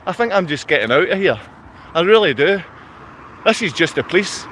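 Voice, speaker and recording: A man with a piercing, very high voice rants at his viewers in a livestream. He hurls insults and yells as he talks, tense and forceful throughout. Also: very animated, brisk, slight background noise. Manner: ranting, insulting, yelling at viewers. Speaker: vlogger. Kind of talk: angry livestream rant. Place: outdoors in his town.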